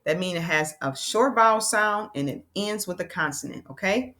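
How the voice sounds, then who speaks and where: Her lowish voice comes across animated, pushed, and bright as she teaches young learners. She calls them friends, stays encouraging and patient, and slows down to break sounds apart.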